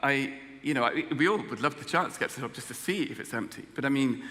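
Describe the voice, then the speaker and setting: English man telling his story, bright voice. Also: medium pitch, big-room sound. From England. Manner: storytelling, self-deprecating humor, halting restarts. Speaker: guest speaker. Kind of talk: personal testimony talk.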